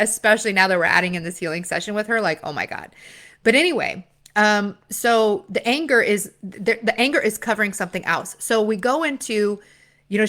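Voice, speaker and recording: A woman's voice: mid-range voice, sharp tone. Woman business coach, own voice, casual confessional vlog delivery, loose and rambling. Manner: candid, rambling, with filler and retold dialogue.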